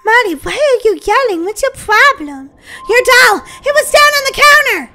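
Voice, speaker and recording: A woman voicing a bossy, impatient sister who scolds with exasperation, in a game roleplay story. Her voice is very high and bright. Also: sing-song, moderate pace, slight background noise, exaggerated voice. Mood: annoyed.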